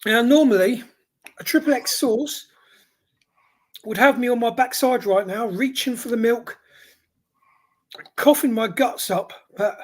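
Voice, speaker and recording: Husky man with a head cold, reacting to heat. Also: extremely high pitch. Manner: exclaiming, reacting aloud to spicy heat. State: has a head cold, runny nose. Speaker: hot sauce reviewer and host. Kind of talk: livestream product test.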